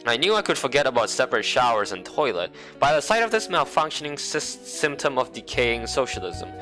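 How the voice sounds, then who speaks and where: A man narrating a visual novel for a let's play, his bright voice leaping around lively and expressive. He mixes story reading with wry, sarcastic jokes while soft game music plays behind him. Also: mid-range voice, fairly quick. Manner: wry, sarcastic, playful commentary. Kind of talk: reading a visual novel aloud with jokey asides.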